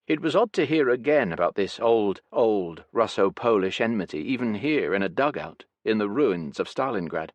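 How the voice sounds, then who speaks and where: A man reading a history audiobook in a measured, even scripted narration. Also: on the low side, no echo.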